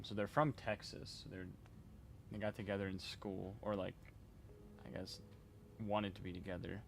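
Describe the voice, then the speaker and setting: A man's voice: low voice, little pitch movement, takes it slowly, vocal fry, pauses often, slight background noise. A man commentating a game playthrough as a streamer, wry and joking, muttering asides to himself. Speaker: gaming streamer.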